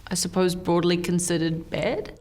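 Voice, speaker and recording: A woman's voice: fairly low pitch, flat delivery, normal speed, very noisy. A woman playing a reporter who asks polite, hesitant questions in a comedy sketch.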